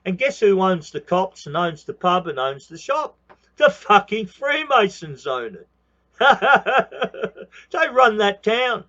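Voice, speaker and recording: An Australian man in his sixties rants straight at the viewer, swearing and hammering the same phrases again and again. His voice sits a little high for a man. The recording is dull and lo-fi, with a muffled top end. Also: very animated, slow, sharp tone. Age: 60s. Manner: heated, profane, repeats phrases, says mate often. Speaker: channel host. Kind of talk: ranting monologue.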